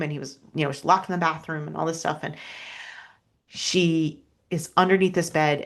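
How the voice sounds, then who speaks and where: Speaking in a voice that sits low, a female podcast guest shares something personal. She is sincere yet hesitant, often restarting and leaning on filler words.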